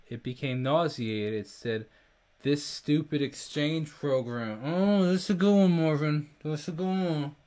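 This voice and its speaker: A man hosting a casual livestream, reading viewer jokes aloud and trying not to laugh. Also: on the high side. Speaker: livestream host.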